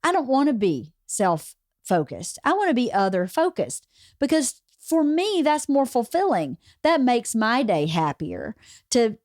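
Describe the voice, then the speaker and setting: A woman's voice: a little high, sing-song, measured pace, darkish tone, no echo, studio quality. A woman with a Southern American accent hosting a casual podcast interview, chatty and acting out quoted voices. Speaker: podcast host.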